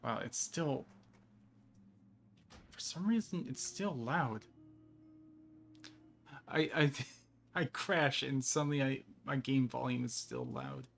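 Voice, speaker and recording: A man's voice: medium pitch, slow, gravelly, long pauses, fairly bright tone, slight background noise. A man streaming a game and chatting casually, rambling with frequent laughs between phrases. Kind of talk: casual gameplay chat.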